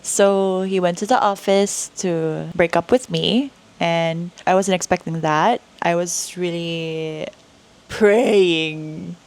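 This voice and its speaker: A woman's voice: lowish voice, fairly even intonation, slow, clear, resonant tone. A young woman with a Filipino accent, hosting a podcast and telling a personal story in an earnest, emotional, reflective way. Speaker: podcast host.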